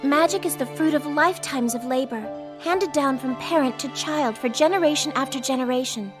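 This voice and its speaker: A woman voicing a proud teenage girl mage in an anime dub, lecturing and quick to flare up. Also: high-pitched, natural voice. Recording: studio dub with music behind.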